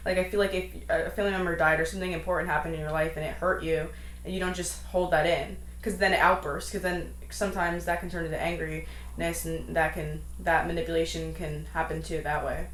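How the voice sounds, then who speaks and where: A woman's voice: deep voice, level tone, brisk, fairly bright tone. A young adult woman co-hosting a podcast, talking thoughtfully and agreeing often. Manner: agreeable, thoughtful, frequent backchannel. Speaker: podcast co-host. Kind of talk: casual discussion. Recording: echoey room.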